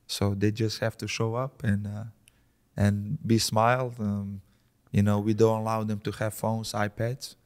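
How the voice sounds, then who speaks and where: A man with a Slovenian accent, a podcast guest chatting casually with frequent restarts. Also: lowish voice. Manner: relaxed, halting speech with many restarts.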